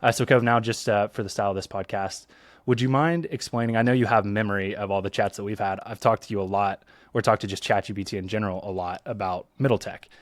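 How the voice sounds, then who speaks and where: A man's voice: fairly low pitch, fast, no room sound, studio quality. A man from Eastern Kentucky hosting a podcast, talking casually with lots of ums. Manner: relaxed, many ums and restarts. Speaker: podcast host.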